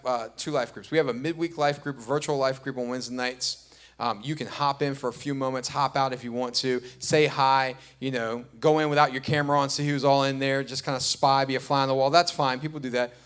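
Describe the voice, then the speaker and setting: Storytelling pastor preaching a sermon. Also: male voice, medium pitch, steady tone, fast talker, fairly bright tone, smooth. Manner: conversational storytelling, rising to emphatic repetition.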